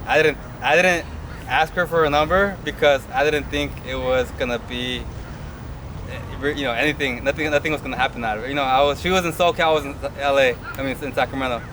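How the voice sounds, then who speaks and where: A man's voice: mid-range voice, fast, background noise. Man casually telling a story. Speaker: groom. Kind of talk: interview to camera.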